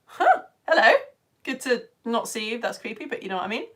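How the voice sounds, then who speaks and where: Lively, enthusiastic woman teacher. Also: on the high side, a little fast. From United Kingdom. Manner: chatty, enthusiastic, laughs often. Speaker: online science teacher for home educators. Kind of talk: live-streamed lesson, reading viewer comments.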